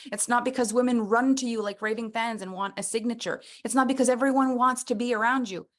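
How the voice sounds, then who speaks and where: A woman coaching a personal development workshop, animated and playful, acting out little scenes as she teaches. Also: a little high, fast.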